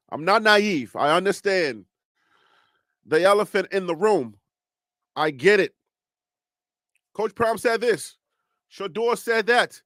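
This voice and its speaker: Animated man with a Liberian accent, high voice. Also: no room sound. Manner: animated, laughs often, talks straight to viewers. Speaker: host. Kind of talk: casual sports talk livestream.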